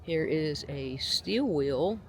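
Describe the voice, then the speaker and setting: A woman's voice: animated, slow pace. Lady vlogging on a farm, handheld cam, chatty and gushy, bit of outdoor noise behind her. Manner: chatty, gushing over animals in a high sing-song voice. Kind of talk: casual outdoor vlog narration. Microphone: handheld camera mic.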